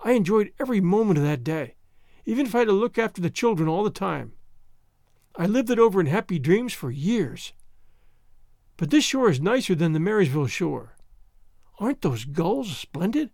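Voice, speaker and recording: A man's voice: high voice, very animated, normal speed, vocal fry, long pauses, darkish tone, dry recording, studio quality, exaggerated voice. A man reading an audiobook, voicing a talkative orphan girl of about eleven who wonders eagerly at everything. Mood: dreamy.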